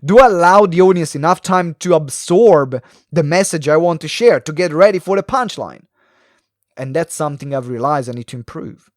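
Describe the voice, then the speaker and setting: A man hosting a solo live video talk for entrepreneurs, animated and fast-talking, swinging his pitch and pace, with many ums and uhs. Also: no room sound, studio quality. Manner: animated, varies pace and pitch with frequent fillers. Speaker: podcast host. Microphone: close mic, live video stream.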